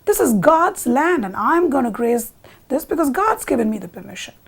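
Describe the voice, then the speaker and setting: A woman's voice: sits high, very animated, moderate pace, gravelly, breathy edge, heavily acted. A woman voicing a sly male jackal courtier, persuasive and wheedling, in a told folk tale. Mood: scheming.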